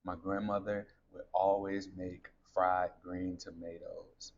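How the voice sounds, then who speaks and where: Man in his thirties, very low voice, candid storytelling, slightly dull lo-fi sound. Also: flat delivery, takes it slowly, a little hiss or hum. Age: 30s. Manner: candid, conversational, addresses listeners as y'all. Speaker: podcast host. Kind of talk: personal storytelling.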